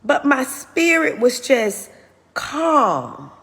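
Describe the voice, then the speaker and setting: A woman shares a personal story in an earnest, open way. Her voice sits high and swings widely in pitch, and she talks at an unhurried pace. A long reverb trails behind each phrase. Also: very animated, gravelly, fairly bright tone. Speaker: host. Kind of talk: personal testimony talk.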